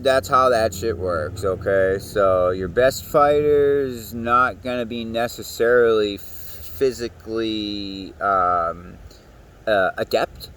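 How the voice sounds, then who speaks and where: A man rambles through a profane monologue, and his pitch swings widely as he talks. He sounds a little far from the mic, and faint noise runs underneath. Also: fairly bright tone. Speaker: show host.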